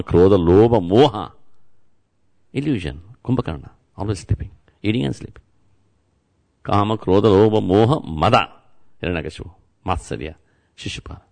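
Low-pitched and creaky, a man gives a devotional sermon as a spiritual teacher. He talks directly to his audience, repeating words and chants over and over.

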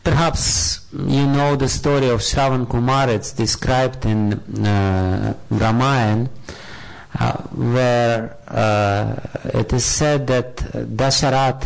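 A man recounts an old scripture story as a spiritual talk, pausing often and searching for the right words. His pace is slow and deliberate. His voice carries a gravelly, creaky texture. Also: medium pitch, steady tone, poor audio.

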